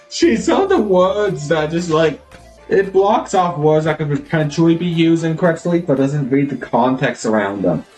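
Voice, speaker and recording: A man's voice: on the high side, animated, a little slow, darkish tone, faint music behind. A man live streaming, chatting casually and rambling as he thinks aloud, always referring to himself in the third person.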